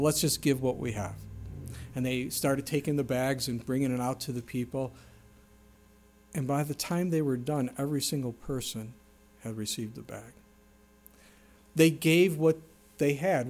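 A middle-aged man preaching a sermon as a pastor, earnest, rising sharply in pitch and loudness when he stresses a point.

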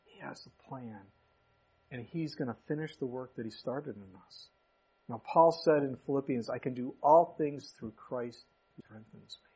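A man's voice: medium pitch, moderate pace, dark tone, husky, lo-fi sound. A man preaching a sermon as pastor of his church, in a conversational way with folksy asides.

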